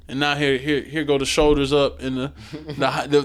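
Animated storytelling man with a smooth voice. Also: mid-range voice, moderate pace, hardly any pauses, faint music behind. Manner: animated storytelling, acts out voices and laughs a lot. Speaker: podcast co-host. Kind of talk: casual chat.

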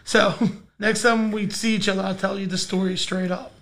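A man's voice: sits high, little pitch movement, moderate pace, gravelly, a bit bright. A man hosting a podcast in casual chat, upbeat and giggly. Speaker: podcast host.

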